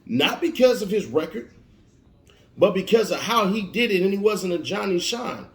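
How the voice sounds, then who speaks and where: A man's voice: high voice, lively intonation, normal speed. Preachy man in an echoey room. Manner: preachy, emphatic, repetitive warnings. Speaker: motivational speaker. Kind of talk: motivational monologue. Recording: roomy echo.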